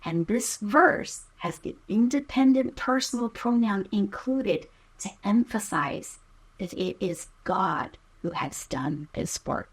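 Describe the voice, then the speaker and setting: A woman hosting a podcast, reading Bible verses aloud and teaching a scripted Bible lesson in a measured way. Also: mid-range voice, lively intonation, husky.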